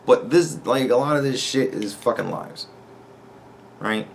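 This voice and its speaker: A man hosting his own podcast, launching into a long, exasperated rant full of swearing and biting sarcasm. His voice sits at an ordinary middle pitch, with a faint hiss of background noise under it. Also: unhurried, vocal fry. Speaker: podcast host. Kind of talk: ranting commentary.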